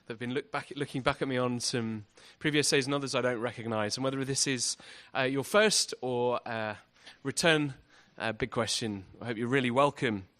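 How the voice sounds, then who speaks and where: A man's voice: medium pitch, fairly even intonation, normal speed, few pauses, bright, forceful tone. A man giving an evangelistic talk at a university event, earnest and full of rhetorical questions. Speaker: guest speaker.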